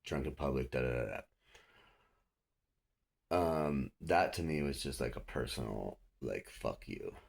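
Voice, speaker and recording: A man's voice: rumbling low, measured pace, creaky, long pauses. A man telling a story in a loose, casual way, swearing freely and acting out the other people's lines. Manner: profane, animated, acts out others' lines.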